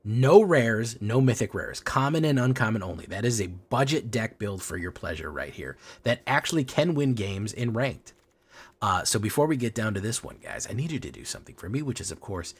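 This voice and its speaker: A man's voice: lowish voice, fairly quick, husky. A man hosting a card game stream, talking in a playful, joking way. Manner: playful, joking, lively delivery. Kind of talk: casual stream commentary.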